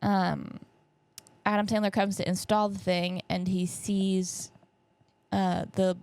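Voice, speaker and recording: A young woman in her twenties takes it slowly as she recaps movies on her solo podcast, rambling with lots of fillers and asides. Her medium-pitched voice is flat and darkish, her nose a bit stuffy, recorded on a camera setup with no room sound.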